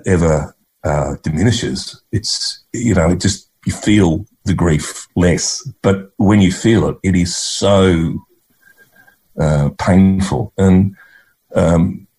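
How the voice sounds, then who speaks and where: Deep mellow Australian man reminiscing. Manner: rambling, heartfelt storytelling with many restarts. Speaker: guest, actor and writer. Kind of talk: reflective conversational interview.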